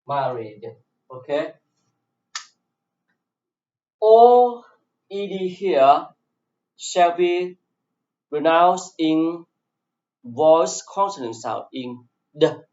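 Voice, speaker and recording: A man with a Vietnamese accent, a native Vietnamese speaker teaching an English class, going very slowly and saying each word several times over. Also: fairly high pitch, lively intonation, a little mellow. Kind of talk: slow classroom explanation. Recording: echoey room, dull lo-fi sound.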